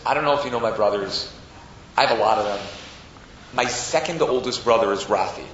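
A young man telling a family story in a Torah talk, acting out relatives in loud, high voices. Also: slight background noise. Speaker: Torah speaker. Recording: echoey room from far off, dull and lo-fi.

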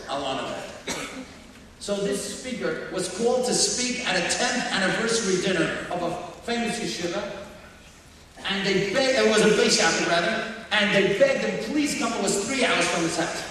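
Animated male storyteller in an echoing hall. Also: high-pitched. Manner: animated, acting out the characters in his stories. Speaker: speaker. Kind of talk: storytelling sermon. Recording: echoey hall, distant mic, faint noise.

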